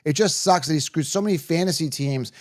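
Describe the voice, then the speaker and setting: A man with a slightly raised pitch hosts a fantasy football show in a casual, straight-talking way. He gives blunt, opinionated takes to his viewers. He keeps checking in with "okay?" and "right?" as he goes. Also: brisk, a little mellow. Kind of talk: casual sports commentary to camera.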